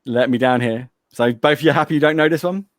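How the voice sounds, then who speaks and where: A man's voice: on the high side, fast. Man hosting a quote quiz. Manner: playful, reads out quotes and teases. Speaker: podcast host running a movie quote quiz. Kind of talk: casual chat.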